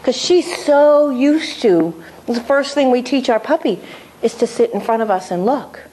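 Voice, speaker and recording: A woman's voice: on the high side, expressive, a little slow, dark tone. Middle-aged woman dog trainer explaining. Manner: explains step by step, checks in with "okay?". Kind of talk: instructional demonstration.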